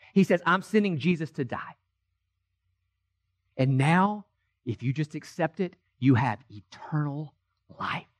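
A man pastor preaching an Easter sermon in a church, swinging from hushed, slow lines to shouted ones. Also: high-pitched, husky. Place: church sanctuary.

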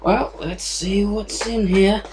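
A man's voice: high-pitched, steady tone, slow pace. A man chatting casually while unboxing a package at home, rambling and self-deprecating as he thinks aloud, with a fan running in the room. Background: fan noise.

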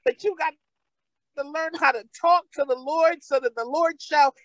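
A woman's voice: high voice, moderate pace, no echo, lo-fi sound. A woman pastor with a New York accent, preaching a sermon with fervent, repeated calls.

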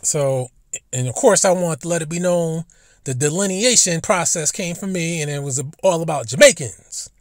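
A man's voice: a little high, animated, normal speed, no room sound. Blunt, profane man rambling in a dry room. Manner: repeats and restarts words. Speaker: commentary channel host. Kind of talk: casual rambling monologue.

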